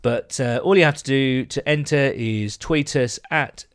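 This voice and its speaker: A man's voice: mid-range voice, a little slow, clean tone. A man co-hosting a podcast, chatting and joking in casual banter. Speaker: podcast co-host.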